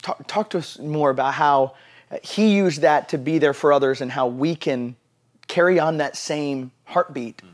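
A man interviewing a guest asks his questions and tells a story in an animated way, often repeating words as he gets going. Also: fairly high pitch, moderate pace. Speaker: interviewer, camp ministry worker.

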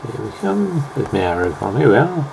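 A man talks in a loose, rambling way, stopping often for asides and fillers. His voice has a gravelly, creaky edge. A faint hiss sits behind him. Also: medium pitch, big pitch swings, a little fast. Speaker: video maker. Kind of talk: casual commentary over clips.

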